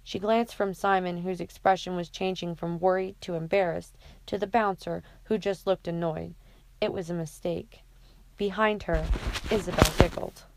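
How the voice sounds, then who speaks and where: A woman narrating an audiobook chapter in a steady, even reading. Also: fairly low pitch, normal speed, slight background noise.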